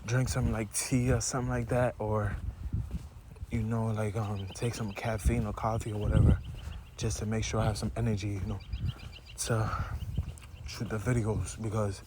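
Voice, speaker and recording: A man's voice: lowish voice, little pitch movement, moderate pace, long pauses. A young man vlogging in a casual, rambling way, chewing gum and filling his talk with "you know" and "like". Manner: chewing gum while talking. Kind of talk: casual vlog chat. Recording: faint background noise.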